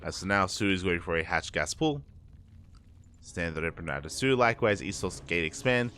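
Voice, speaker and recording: A young man doing live play-by-play commentary on a strategy video game, sleepy and slightly slurred, excitable during fights. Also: low-pitched, brisk, slight background noise. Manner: excitable, drowsy between fights. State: just woke up, slurring. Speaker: esports caster.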